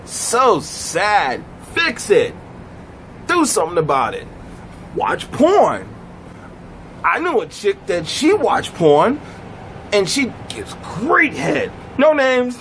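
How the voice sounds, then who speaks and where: A man giving a blunt comic rant to camera, animated and emphatic, sitting in a car. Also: slight background noise, rough recording. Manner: animated, swooping pitch, drawn-out emphatic phrases. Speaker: vlogger.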